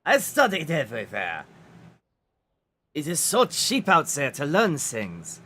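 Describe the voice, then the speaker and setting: Pompous doctor, shaky German accent, lively pitch, a man doing the voice. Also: slow pace, a little hiss or hum, exaggerated voice. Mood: formal. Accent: put-on German, drifting. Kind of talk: roleplay acting.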